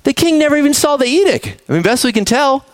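A man preaching a sermon, telling the story with animated energy, acting out characters and speaking to the kids in the room. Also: extremely high pitch, fast talker, no echo. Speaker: pastor.

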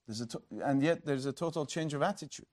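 A man preaches a sermon with emphasis, his delivery swinging between loud and hushed. He poses rhetorical questions and addresses his listeners as friends, speaking fast in a voice that is a little high.

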